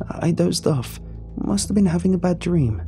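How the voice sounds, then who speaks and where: A man voicing a giggling, unhinged woman in a horror story reading, his voice pushed up high and giddy. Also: expressive, moderate pace, warm tone, soft background music. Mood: sheepish. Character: giggling unhinged woman, wife turning strange.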